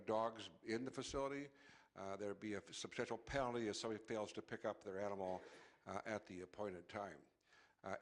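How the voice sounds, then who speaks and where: A man on city staff presenting a zoning item at a council meeting, matter-of-fact and full of "uh" fillers. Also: fairly low pitch. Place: council chamber.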